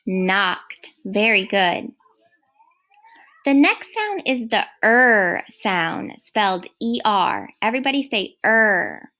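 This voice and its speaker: A woman teaching a recorded first grade phonics lesson, speaking clearly and praising often. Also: medium pitch, very animated, pushed and bright. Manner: slow, clear, encouraging teacher talk.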